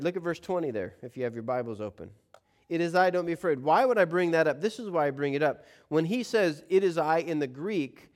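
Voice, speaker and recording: A man preaching a sermon, lively and playful, acting out the story with funny voices. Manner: animated, acts out scenes with playful voices; reads scripture aloud in a slower, lower tone. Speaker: pastor.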